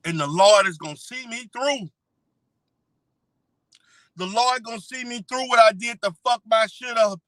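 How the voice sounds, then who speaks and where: A man's voice: extremely high pitch, unhurried, long pauses, bright, forceful tone, no echo, full character voice, low-quality recording. A man putting on a whiny, self-pitying pastor who begs for money and swears, in a mock-tearful parody. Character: whiny self-pitying middle-aged male pastor begging. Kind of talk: parody impression.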